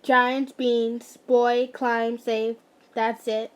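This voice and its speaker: A woman's voice: high-pitched, fairly even intonation, unhurried. A woman casually reading fan fiction aloud, often stumbling, restarting and breaking off to joke.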